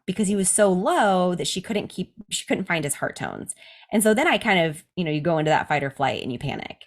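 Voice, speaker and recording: A woman's voice: medium pitch, very animated, fairly quick. A woman in her thirties, a podcast host, candidly telling a personal story in casual chat, laughing often. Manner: candid, laughs often, quotes others in livelier voices.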